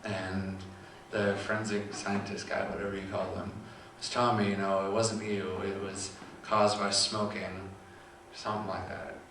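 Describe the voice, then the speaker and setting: A young man with a low, flat voice gives a personal testimony, telling his story quietly and haltingly with long, frequent pauses. He sounds distant from the mic in a very echoey room, with faint noise in the background.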